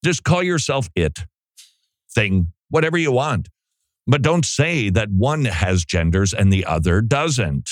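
Low-voiced man giving religious commentary. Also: big pitch swings, unhurried, dry recording, clean studio sound. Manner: emphatic, repetitive, scornful.

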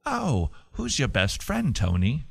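A man's voice: medium pitch, wildly swooping pitch, takes it slowly, gravelly, breathy edge, dry recording, clean studio sound, full character voice. A man putting on a British accent to play a prim schoolteacher who talks down to a class of children in a sugary, patronizing tone. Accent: put-on British. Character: prim mock British schoolteacher talking down to kids.

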